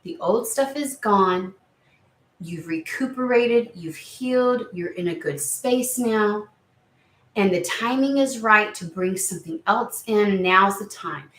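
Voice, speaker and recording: A woman's voice: mid-range voice, slow pace, a bit bright, reverberant. A woman giving a casual tarot reading, chatty and emphatic, who swears now and then. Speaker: tarot reader.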